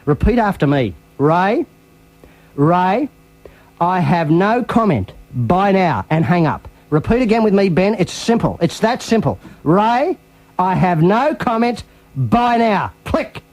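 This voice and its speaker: An australian bloke doing a calm guru, talks you through it nice and slow, voice pitched up higher than his own, radio comedy bit. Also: dry recording, faint music behind, poor audio. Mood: coaxing. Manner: slow, hypnotic step-by-step coaching. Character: soothing male self-help guru, coaxing and patient.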